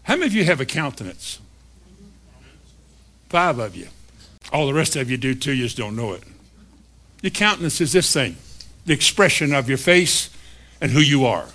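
A man's voice: medium pitch, big pitch swings, moderate pace, long pauses, sharp tone. A man preaching a sermon, asking his listeners questions and voicing an inner dialogue. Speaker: pastor.

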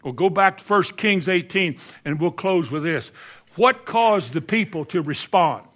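A man's voice: high voice, animated, unhurried, a bit bright. A man preaching a sermon, telling a Bible story animatedly and acting out the quoted lines in a raised voice.

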